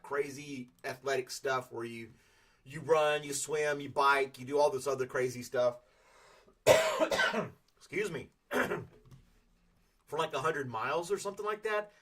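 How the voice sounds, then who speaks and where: A man's voice: a little high, fairly bright tone. A man hosting a casual morning podcast, rambling in a folksy, self-deprecating way. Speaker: podcast host.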